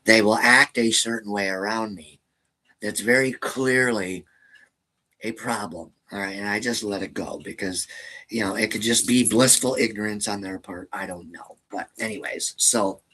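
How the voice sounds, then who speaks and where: A man's voice: on the low side, unhurried, sharp tone, low-quality recording. A man hosting a casual live stream, rambling to viewers and often tagging his sentences with "all right?". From American Midwest. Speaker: channel host.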